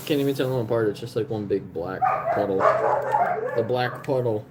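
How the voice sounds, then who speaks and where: A man's voice: a little fast, heavy background noise. A man talking casually to his dog and her puppies at home, coaxing and playful. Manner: coaxing, playful, talks to the dog in a high baby voice at times. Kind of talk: casual talk to pets.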